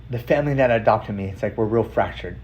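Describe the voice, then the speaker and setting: A man's voice: lowish voice, fast, darkish tone. A young man from San Carlos telling a personal story in casual, swearing speech, quoting the people he met. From San Carlos, Arizona. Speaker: vlogger telling his story. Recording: slightly dull lo-fi sound.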